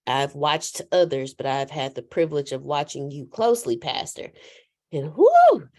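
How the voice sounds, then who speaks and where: Lively, laughing woman host. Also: sits low, normal speed. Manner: animated, laughing, preacherly storytelling. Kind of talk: casual faith chat on a live call.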